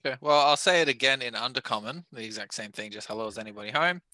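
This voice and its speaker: A man's voice: mid-range voice, quick pace, pushed and bright, no room sound. A man playing a tabletop game, joking and bantering as he describes his moves. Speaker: player.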